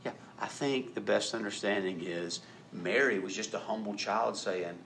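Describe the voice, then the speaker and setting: Animated preaching man, faint rumble. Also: normal speed. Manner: animated, acts out quoted voices, rises to loud emphatic peaks. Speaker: pastor. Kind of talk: sermon.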